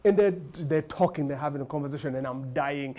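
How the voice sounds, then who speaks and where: A middle-aged man from Uganda with a Ugandan accent, telling stand-up comedy stories with animated, constant voice switching. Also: on the high side, a little fast, a crowd in the background. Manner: animated, frequent voice switching and laughter.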